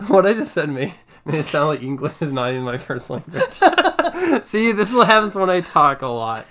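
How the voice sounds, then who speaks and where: A young man in casual conversation, speaking in a fairly monotone, quiet way and laughing often. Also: sits high, moderate pace. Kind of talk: casual chat.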